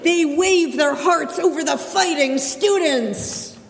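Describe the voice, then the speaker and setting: A woman narrating a children's story at a service in an expressive, animated way. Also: sits high, takes it slowly, vocal fry, a little hiss or hum. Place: synagogue sanctuary. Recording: echoey hall.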